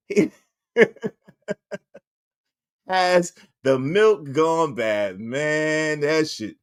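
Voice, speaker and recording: A man in riffs on a stream, teasing and animated. His voice swoops widely in pitch while he keeps an unhurried pace. The sound is close and dry. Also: gravelly, dry recording. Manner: animated, mocking, bursts into song and laughter. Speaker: commentary streamer. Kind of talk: casual reaction commentary.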